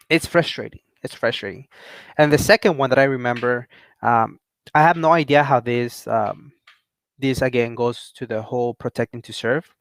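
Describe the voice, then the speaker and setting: A young man rambles through a personal story in a relaxed, unscripted way. He laughs often and gets animated when quoting other people. His voice sits at an ordinary middle pitch, recorded dry and close. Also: normal speed, dry recording. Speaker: channel host. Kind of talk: casual storytelling rant.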